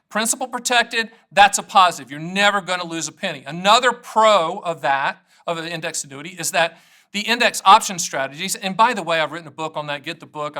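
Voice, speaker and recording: A middle-aged man, an annuity agent, talking straight to camera in an energetic, joking way that wanders off on tangents. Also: fairly high pitch. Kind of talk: casual direct-to-camera talk.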